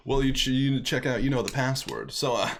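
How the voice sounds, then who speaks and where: A man's voice: mid-range voice, normal speed, creaky, slight background noise. Chatty, joking male streamer. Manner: joking, chatty, laughs often. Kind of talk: casual game commentary, reading dialogue aloud.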